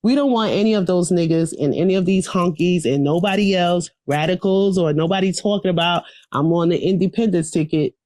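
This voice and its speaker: A woman's voice: lowish voice, fairly quick, few pauses, darkish tone, dry recording, clean studio sound. A woman reciting a political speech to a class over a video call, in a rhythmic, preachy call-and-response manner. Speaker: political education speaker.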